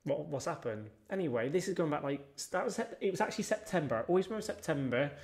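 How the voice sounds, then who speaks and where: A man's voice: a little high, fast, gravelly. Blunt, swearing man telling stories. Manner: blunt, swears freely, animated retelling. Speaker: podcast guest. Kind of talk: casual storytelling chat.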